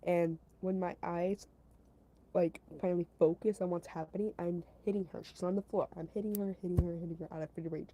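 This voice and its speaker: A woman tells a story in a loose, rambling way, full of "like" and "whatever," and keeps breaking off to answer her chat. Her voice sits on the low side and sounds warm and mellow, with a faint hiss under it. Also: fairly even intonation, fairly quick, rough recording. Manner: rambling, filler-heavy, repeats herself, giggles; talks to her chat between story parts. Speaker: storytelling streamer.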